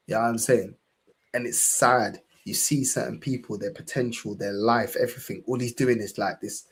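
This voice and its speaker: On his fan channel's casual podcast, a young man from England with a London accent rants with swearing passion and a steady stream of "bro." His voice is husky and mid-range, holding a steady tone at a moderate pace.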